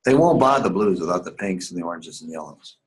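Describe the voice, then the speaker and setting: A man's voice: low voice, lively intonation, fast, low-quality recording. A man teaching a writing seminar class live, emphatic and repetitive, often asking the students whether they follow. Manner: emphatic, repeats key points, asks the class questions.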